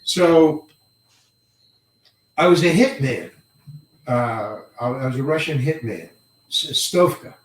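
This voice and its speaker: A man's voice: mid-range voice, expressive. Older man rambling through a story, echoey. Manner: rambling, halting, repeats words, chuckles often. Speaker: actor interviewee. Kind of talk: anecdotal interview storytelling. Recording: roomy echo, mic set far away.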